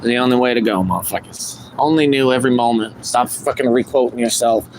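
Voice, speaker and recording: Male streamer, mid pitch, profane rambling rant, noisy recording with vehicle sounds. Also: brisk. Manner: profane, ranting, self-help preaching. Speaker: live streamer. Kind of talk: rambling live stream monologue.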